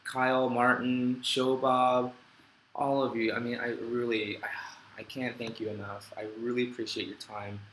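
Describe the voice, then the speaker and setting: Middle-aged guy on a livestream, rambly and sincere, cracks self-deprecating jokes, bright voice, echoey room. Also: medium pitch, flat delivery, measured pace, slight background noise. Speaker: host of a live Q&A stream. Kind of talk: casual live-stream chat, reading viewer comments. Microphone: desk microphone.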